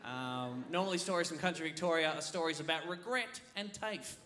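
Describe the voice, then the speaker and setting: A man doing a stand-up comedy set on a theatre stage, animated, dropping low to tell a story and shouting out the punchlines. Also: a little fast, background noise. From Australia. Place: large theatre stage, laughing audience behind. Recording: live theatre recording with crowd.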